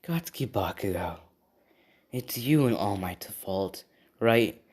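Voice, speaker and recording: A man voicing a calm, taunting young villain in a fan-made story, speaking quietly and flatly. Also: lowish voice, slow pace, breathy edge, full character voice.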